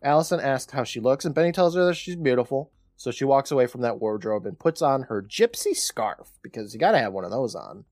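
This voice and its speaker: A man's voice: mid-range voice, animated, fairly quick, few pauses, darkish tone, no room sound, clean studio sound. A man co-hosting a podcast, casually retelling a TV episode scene by scene and quoting characters' lines as he goes. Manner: chatty retelling with quoted lines. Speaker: podcast co-host.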